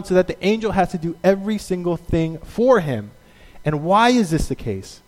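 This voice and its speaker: A man preaching a sermon as a pastor, telling stories in an animated way and acting out the quotes. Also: on the high side, long reverb tail.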